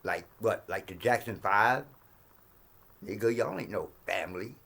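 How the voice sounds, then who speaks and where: A man in his sixties ranting to camera in a profane, heated monologue, swinging between low mutters and sudden shouts. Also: a little slow, vocal fry. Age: 60s. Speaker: vlogger.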